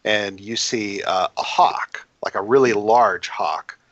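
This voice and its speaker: Low-voiced man narrating a tabletop game. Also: slow, a bit bright, lo-fi sound. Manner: casual, filler-heavy narration. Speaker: game master.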